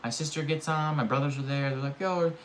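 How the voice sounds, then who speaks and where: A young man streaming live, telling a rambling, animated story in casual chat and swearing often. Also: mid-range voice, quick pace, slight background noise.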